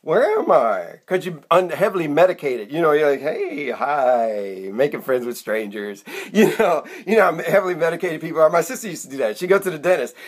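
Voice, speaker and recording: Husky older man rambling comically. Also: fairly high pitch, expressive, fast talker, hardly any pauses. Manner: meandering, chatty, self-mocking asides. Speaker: comedic vlogger.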